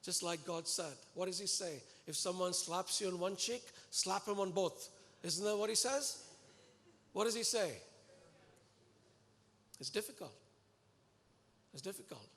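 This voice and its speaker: A man preaching a sermon to a congregation, earnest and animated, pleading and exhorting his listeners. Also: sits high, normal speed. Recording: echoey hall with long reverb.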